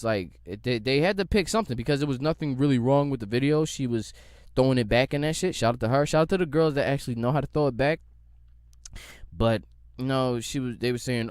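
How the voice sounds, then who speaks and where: A young man hosting a solo podcast, delivering a heated, profane, animated rant. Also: on the high side, dry recording, clean studio sound. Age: young adult. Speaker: podcast host. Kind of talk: solo ranting monologue.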